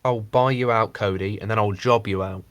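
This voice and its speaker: A man co-hosts a casual podcast in a somewhat low voice. He rambles, swears freely and slips into mocking impressions. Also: fairly even intonation, moderate pace, a bit bright, no room sound. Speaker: podcast co-host. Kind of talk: casual chat.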